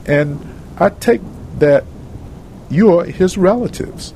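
A man voicing a calm male hospital doctor who speaks in a measured, formal way. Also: sits high, vocal fry, a little hiss or hum, heavily acted, low-quality recording. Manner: measured, formal bedside manner.

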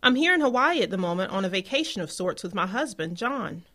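A woman's voice: mid-range voice, sing-song, bright, forceful tone. A woman playing a nervous young wife who stammers and hesitates on a phone call, in a radio-style drama. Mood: nervous tender. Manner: anxious, halting, stammering.

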